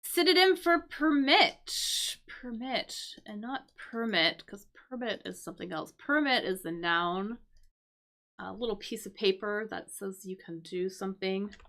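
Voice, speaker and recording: A woman's voice: medium pitch, a little slow, gravelly, fairly bright tone. A woman teaching English on a live stream, thinking aloud and explaining words as she solves a crossword. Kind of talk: casual live-stream lesson.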